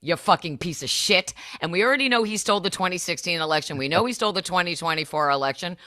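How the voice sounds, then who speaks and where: Female activist on a radio panel, low bright voice, swings up and down, indignant, dry mic. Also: animated, fast, no room sound. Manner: blunt, indignant, profane. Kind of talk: casual panel chat.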